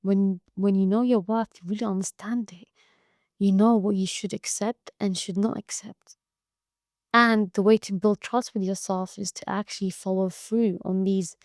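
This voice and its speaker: A woman's voice: medium pitch, darkish tone, dry recording, studio quality. A woman hosting a podcast solo, talking bluntly and profanely, like a tough-love pep talk. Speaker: podcast host. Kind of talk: casual monologue.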